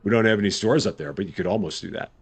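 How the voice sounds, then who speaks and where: A man's voice: fairly low pitch, rapid-fire, breathy edge. A man giving casual live gameplay commentary as a streamer, chatty and good-humored, thinking aloud. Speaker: game streamer.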